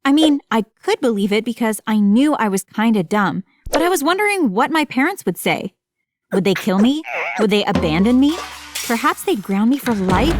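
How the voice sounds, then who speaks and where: A woman narrating a first-person animated story in a dramatic, expressive storytelling manner. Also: on the high side, normal speed.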